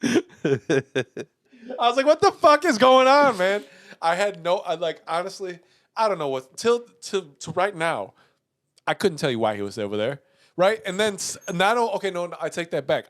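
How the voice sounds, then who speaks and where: A man co-hosting a podcast, telling a story in casual chat, profane and animated, swinging between loud outbursts and muttering. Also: fairly high pitch, moderate pace, no echo, clean studio sound. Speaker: podcast co-host.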